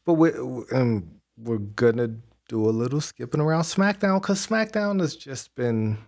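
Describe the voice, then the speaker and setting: A man's voice: mid-range voice, lively intonation, normal speed, creaky, darkish tone. A man co-hosting a podcast, chatting casually about wrestling with lots of restarts and fillers. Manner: rambling, many restarts and fillers. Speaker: podcast co-host.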